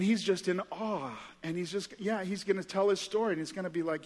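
Man, pastor, conversational sermon, fairly high voice, long church reverb. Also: brisk, few pauses, darkish tone. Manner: conversational, earnest, lots of fillers. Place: church auditorium.

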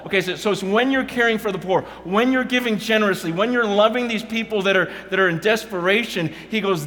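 A middle-aged man giving a passionate Christian testimony, stumbling over restarts and swinging from loud bursts to hushed murmurs. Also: high-pitched, fairly quick, hardly any pauses. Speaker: Christian speaker. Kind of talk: personal testimony talk. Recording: long hall reverb, faint noise.

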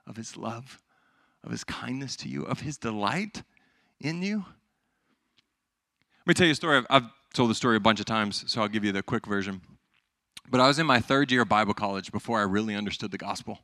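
Young male pastor, bright tense voice, dry close sound, emphatic sermon delivery that swings loud to hushed. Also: mid-range voice, dry recording.

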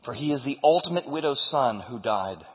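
Husky pastor preaching in a reverberant hall. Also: male voice, mid-range voice, expressive, fairly quick. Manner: impassioned, swings from hushed to loud when reading scripture. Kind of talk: sermon. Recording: phone-like audio with long hall reverb.

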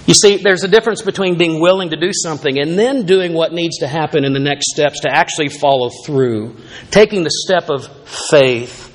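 Guy preaching a sermon at church, a bit high-pitched, talky, drifts into little asides. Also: moderate pace. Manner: conversational preaching with asides and restarts. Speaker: pastor.

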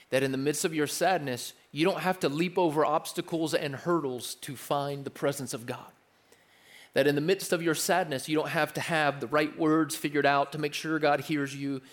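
Earnest young man preaching a sermon. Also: fairly high pitch. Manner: earnest, conversational preaching with repetitions and restarts. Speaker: pastor.

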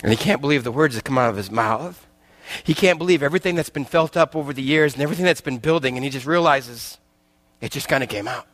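A man's voice: medium pitch, fast, fairly bright tone. A man preaching a sermon as a guest speaker, telling a parable with acted-out voices and joking with the congregation. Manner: storytelling, acts out parable voices, jokes with congregation.

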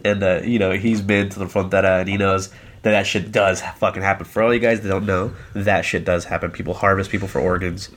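A man's voice: low voice, fairly even intonation, quick pace, fairly bright tone, a little hiss or hum. A young man co-hosting a podcast, telling a rambling story in casual chat and laughing through it. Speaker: podcast co-host.

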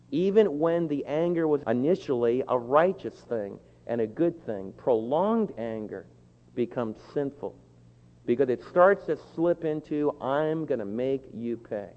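A man preaching a sermon, animated, acting out quoted voices with sudden loud outbursts. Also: medium pitch. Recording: dull lo-fi sound in a reverberant hall.

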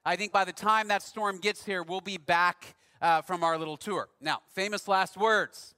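Male pastor, conversational storyteller; high pitch, sharp timbre, big reverberant room. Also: fairly even intonation, normal speed, smooth. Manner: conversational, self-deprecating storyteller. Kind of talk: sermon with a personal story.

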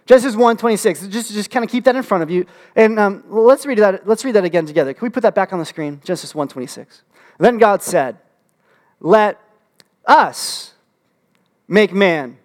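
A man preaching a sermon as pastor, animated and humorous, with frequent restarts and fillers. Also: sits high. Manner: animated, humorous asides with rising excitement.

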